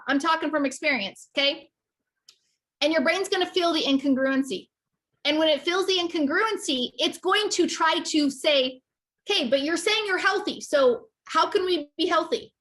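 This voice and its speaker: A woman speaks with a high, bright, ringing voice. She coaches her listeners with fervent emphasis, stacking repetitions and checking in with a quick "okay?" as she drives each point home. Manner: passionate, emphatic, repeats "okay?". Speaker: business coach. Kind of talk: motivational talk to camera.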